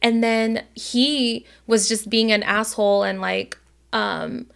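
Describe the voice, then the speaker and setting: A woman's voice: on the high side, steady tone, slow pace, creaky, a bit bright, clear, resonant tone. A woman co-hosting a podcast in casual chat, rambling with lots of "like" and casual swearing. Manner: rambling, heavy filler "like", swears freely. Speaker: podcast co-host.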